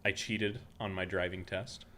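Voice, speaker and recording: This Utah podcast host speaks a little slowly, his low-pitched voice steady, bright and forceful. In a casual show, he tells wandering stories full of restarts.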